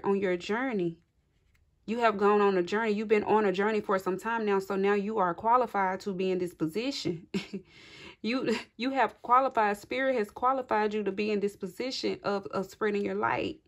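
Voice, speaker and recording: A woman doing a casual tarot reading for her viewers. She speaks effusively and encouragingly, laughs often and addresses the viewers directly. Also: medium pitch. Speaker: tarot reader. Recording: clearly audible card shuffling and clicks.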